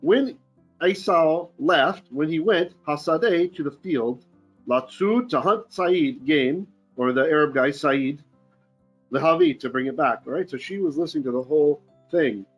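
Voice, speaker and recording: Higher-voiced rabbi chanting and explaining verses. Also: male voice, a little slow, soft background music. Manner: chants Hebrew verses, then translates them in casual, joking talk; frequently clears his throat. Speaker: rabbi teaching a Torah portion. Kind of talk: informal online Torah class.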